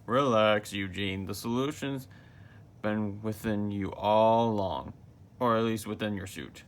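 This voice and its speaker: A tiny cartoon schemer speaks in a smug, know-it-all tone, voiced by a man. He sounds self-satisfied. His lines come out slowly. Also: lowish voice, lightly acted. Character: tiny scheming male cartoon plankton villain.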